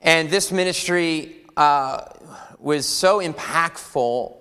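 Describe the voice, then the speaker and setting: A young adult man preaching a sermon as pastor, rousing the congregation with lively, energetic delivery. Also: a little high, slow, clean tone. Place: church sanctuary. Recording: reverberant church hall with faint music.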